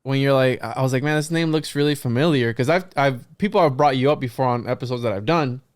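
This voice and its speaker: Animated male podcast host, smooth and dry. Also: medium pitch, fast talker, dry recording. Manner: animated storyteller, quotes people in lively voices, frequent restarts. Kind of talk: casual storytelling to guests.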